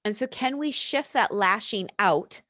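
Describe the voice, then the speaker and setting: A middle-aged American woman, a yoga and reiki practitioner, talking in an unhurried, reflective way and laughing often in casual podcast chat. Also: mid-range voice, animated, fairly bright tone, no room sound, studio quality. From United States.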